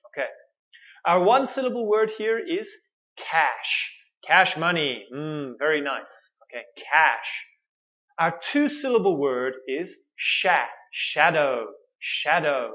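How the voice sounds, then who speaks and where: Slow, deliberate woman teaching pronunciation. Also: fairly low pitch, a bit bright, highs cut off. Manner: deliberate, drills words syllable by syllable with repetition. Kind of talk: online pronunciation lesson.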